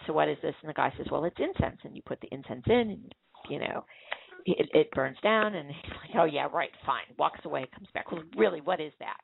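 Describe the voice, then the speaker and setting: A woman with a low, creaky voice hosts a casual talk show, rambling through stories and often restarting amid plenty of fillers. The call sounds tinny, like a phone line, but has no echo.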